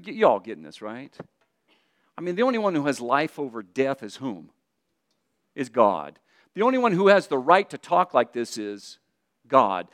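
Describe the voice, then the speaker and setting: A man's voice: a little high, no echo, clean studio sound. A man preaching a sermon, reading scripture aloud and asking his listeners questions. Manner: animated, asks the audience questions, reads scripture aloud. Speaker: pastor.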